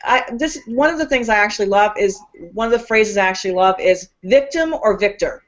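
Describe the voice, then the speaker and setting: A woman's voice: mid-range voice, expressive, fairly quick, highs cut off. Woman host in loose, emphatic chat. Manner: emphatic, philosophical, talks in long loose runs. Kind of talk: casual conversational talk.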